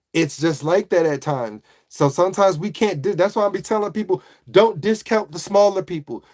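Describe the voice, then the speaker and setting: A man's voice: high voice, a little mellow. A man hosting a casual live stream, giving repetitive motivational talk to viewers. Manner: motivational, preachy, repeats phrases. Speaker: livestream host.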